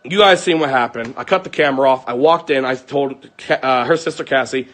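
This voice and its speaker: A man's voice: medium pitch, brisk, a bit bright. A young man angrily telling his viewers about a fight at home, swearing and acting out what everyone said. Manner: heated, profane, acts out quoted lines. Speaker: vlogger. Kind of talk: angry personal account to viewers.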